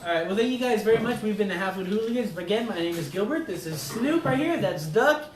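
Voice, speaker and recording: A man's voice: high-pitched, quick pace. A man co-hosting a podcast, telling a story casually, laughing and swearing a lot. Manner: animated, profane, laughing storyteller. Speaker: podcast co-host. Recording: roomy echo, distant mic, faint noise.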